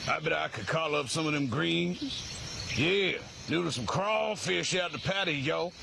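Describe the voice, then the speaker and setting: A man doing a hammy put-on Southern drawl, high and swooping, gravelly and slow. The film audio carries clear background noise. He sounds over the top. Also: lively intonation.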